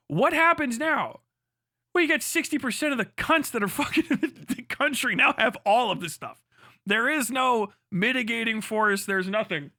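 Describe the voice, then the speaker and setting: A man's voice: sits high, bright, forceful tone, no echo, studio quality. A man ranting on a livestream, heated, sarcastic and full of swearing. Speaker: streamer. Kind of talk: livestream rant.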